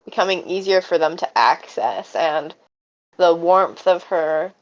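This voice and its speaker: A woman's voice: on the low side, fairly even intonation, unhurried. A woman narrating a tabletop game as game master, with vivid descriptive narration. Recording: dull lo-fi audio.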